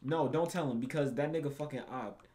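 On his gaming channel, a man offers casual gameplay commentary packed with loud, excitable, profane reactions. His pitch is medium and his delivery brisk.

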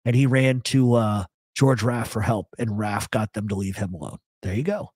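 A man's voice: fairly low pitch, moderate pace, a little mellow, husky, no room sound, studio quality. A man hosting a live talk show, giving blunt, rambling opinions to viewers in the chat. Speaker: host. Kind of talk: live radio chat answering a chat.

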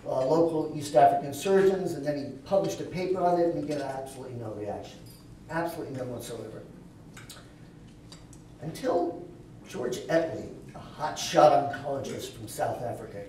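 Guy giving a dinner keynote, telling stories, mellow voice, distant mic in a really echoey hall. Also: on the high side, a little hiss or hum. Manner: anecdotal storyteller, light humor. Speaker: keynote speaker. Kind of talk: storytelling keynote talk.

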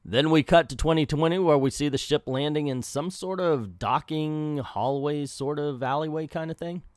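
A man's voice: a little high, moderate pace, darkish tone, no echo, studio quality. A man hosting a casual comic book recap with offhand, wry commentary. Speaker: comics video host.

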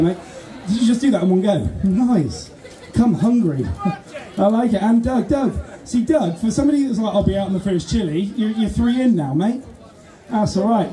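A man compering a live outdoor contest, teasing the contestants and shouting countdowns. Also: high-pitched, echoey room. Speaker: contest compère. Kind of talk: live event hosting. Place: outdoor festival in the sunshine.

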